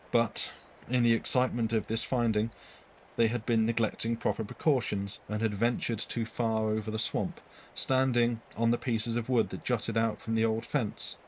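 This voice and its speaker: Man, low voice, live-streamed story reading, reads aloud, fixes his slips, faint background hum. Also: rough recording. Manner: reads quoted speech in a raised voice, corrects his own slips.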